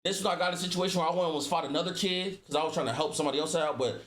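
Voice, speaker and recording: A man's voice: a little high, rapid-fire, a bit bright. A man telling a personal story in casual storytime style, slangy and profane, acting out the dialogue with voice shifts. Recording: roomy echo.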